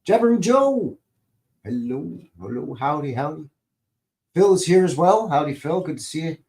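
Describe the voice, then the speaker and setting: A man's voice: a little high, lively intonation, moderate pace, creaky, darkish tone. Folksy man hosting a livestream. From Calgary, Alberta, Canada. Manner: jokey, folksy, rambling, greets chat by name. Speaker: livestream host. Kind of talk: casual livestream chat.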